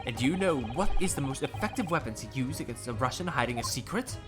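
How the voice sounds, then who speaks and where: Streamer voicing a showy self-important detective, lively swoops, game music behind. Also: medium pitch, quick pace, close to an everyday voice. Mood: grandiose. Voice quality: pompous, theatrical. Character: pompous boastful male great detective.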